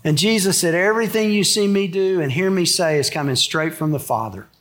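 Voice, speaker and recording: In a church sanctuary, a middle-aged pastor with a high, brisk, slightly bright voice preaches a sermon. He keeps it conversational and tosses joking asides to the congregation.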